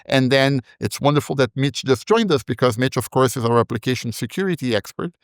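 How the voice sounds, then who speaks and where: A man's voice: medium pitch, expressive, a little fast, clear, resonant tone, no room sound. A man on a podcast panel discussing cloud security, thinking aloud with frequent restarts and tag questions, over a remote call microphone.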